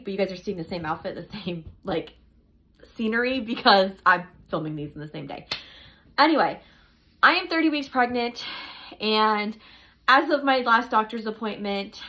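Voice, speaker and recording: A woman's voice: mid-range voice, a bit bright, dull audio. A young woman chatting through a casual vlog update, rambling and repeating herself, a little out of breath. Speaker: vlogger.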